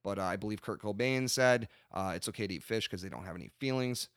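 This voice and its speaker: A man hosting a casual podcast, ranting with lots of swearing and animated asides. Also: fairly low pitch, fast, smooth, no room sound, clean studio sound. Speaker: podcast host.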